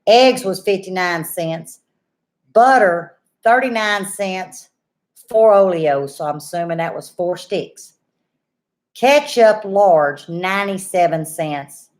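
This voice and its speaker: A woman's voice: lowish voice, slow. An older woman, chatting and telling stories to her viewers in a folksy, down-home way. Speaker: homesteading channel host. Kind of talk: casual chat and storytelling to viewers.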